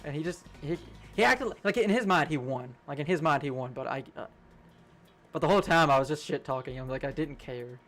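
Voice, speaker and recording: A young man, fairly high-voiced for a guy, telling a rambling story while he plays a game, swearing freely and laughing along the way. Faint game music runs underneath his voice. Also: fairly quick, a bit bright. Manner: rambling, profane, laughs a lot. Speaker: streamer. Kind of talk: casual storytelling while gaming.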